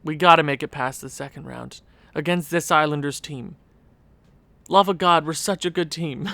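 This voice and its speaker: Young male gaming creator, casual commentary: slow, bright tone, exasperated and ranting, dry close sound. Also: fairly high pitch, gravelly, no room sound. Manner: exasperated, ranting at the game with sighs and laughs.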